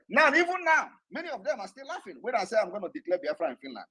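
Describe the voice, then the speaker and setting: A man with a Nigerian accent giving an impassioned, defiant political address to followers online, repeating his points forcefully. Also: high-pitched, sing-song, quick pace, few pauses, slightly rough, low-quality recording. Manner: fiery, defiant, repetitive.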